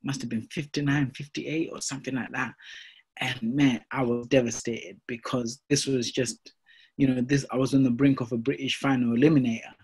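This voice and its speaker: A young man, a professional boxer, telling his career story in a casual interview, animated and full of fillers like "you know" and "mate". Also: medium pitch, normal speed, breathy edge.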